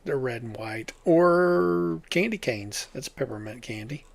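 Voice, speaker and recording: A man's voice: medium pitch, lively intonation, measured pace, vocal fry. An older man co-hosting a podcast, chatting casually with wry teasing. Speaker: podcast co-host. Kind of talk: casual chat.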